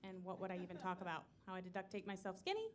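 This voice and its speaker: Animated self-deprecating woman comic. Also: mid-range voice, very fast, crowd noise. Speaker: stand-up comedian. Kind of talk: stand-up comedy set. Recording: live room with audience laughter.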